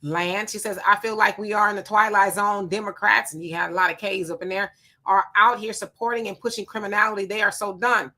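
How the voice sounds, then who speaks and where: Woman livestreaming, bright sharp voice, greets folks by name and chats back at their comments. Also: mid-range voice, steady tone, a little fast. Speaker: livestream host reading viewer comments. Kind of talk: casual live-stream commentary.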